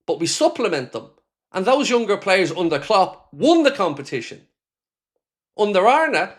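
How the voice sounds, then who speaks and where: An Irishman hosting a live football fan reaction stream, ranting angrily, swearing and reading viewer comments aloud. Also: a little high. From Ireland. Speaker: fan channel host.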